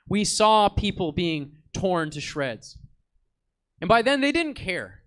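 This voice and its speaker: A man's voice: sits high, big pitch swings, slow, fairly bright tone, exaggerated voice. A man voicing the ghost of a World War Two soldier, stammering and heartfelt as he tells his story. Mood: earnest. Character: earnest old WWII soldier ghost, wistful.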